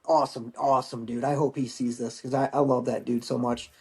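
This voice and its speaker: A man's voice: mid-range voice, fairly quick. A middle-aged man, a military veteran guest on a podcast, telling a story casually with lots of swearing and acted-out quotes. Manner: profane, animated anecdote-telling with acted quotes.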